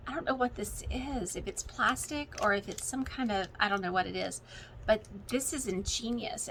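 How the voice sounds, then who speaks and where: Woman, middle-aged, excitable, gushing, bright voice, faint background noise. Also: mid-range voice, rough recording. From Texas. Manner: gushing and excitable, many fillers. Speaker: cross-stitch vlogger. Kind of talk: casual chat to viewers. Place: home, with children and TV in the background.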